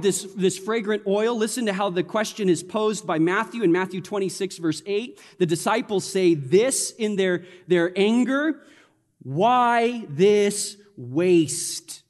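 Male pastor, high voice, sermon, animated and conversational, church sanctuary, long hall reverb. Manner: animated, conversational preaching with playful asides.

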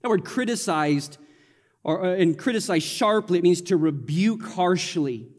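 A man with a fairly high voice preaches to his congregation, with a loose, conversational delivery and playful asides. His voice rings out with a long reverb from the church hall. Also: lively intonation, a little slow. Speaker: pastor. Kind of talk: sermon. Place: church sanctuary.

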